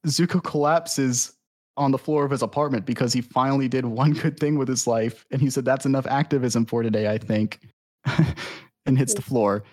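A man in casual podcast chat, retelling a cartoon plot in a rambling, profane, animated way. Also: mid-range voice, normal speed, no room sound. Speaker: podcast guest.

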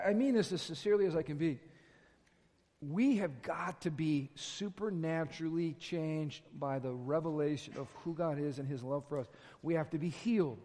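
A man pastor preaching an impassioned sermon with a worship band behind him. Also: fairly high pitch. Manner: impassioned, builds from quiet to shouting. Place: large church hall with worship band. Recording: live church hall with reverb and band music.

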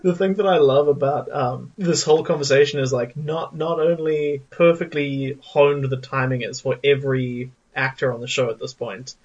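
A man's voice: medium pitch, steady tone, normal speed, hardly any pauses, darkish tone, breathy edge, muffled recording. A man co-hosting a podcast, chatting with enthusiasm and plenty of fillers. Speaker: podcast co-host. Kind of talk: casual chat.

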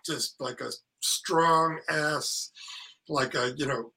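An older man, an actor and author, casually telling animated stories in an interview, acting out quotes and swearing freely. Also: a little high, slow pace, creaky, low-quality recording.

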